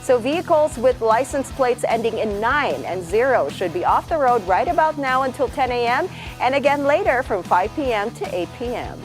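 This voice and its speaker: Upbeat female morning host, high voice, music bed. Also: normal speed. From Philippines. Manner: energetic, upbeat. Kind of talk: lively studio banter and traffic report.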